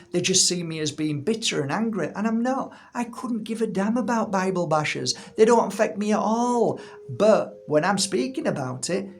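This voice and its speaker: Gravelly animated man. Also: high-pitched, a little hiss or hum. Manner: animated, repeats words, rants. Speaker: healer and channel host. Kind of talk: casual monologue to viewers. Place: room at home.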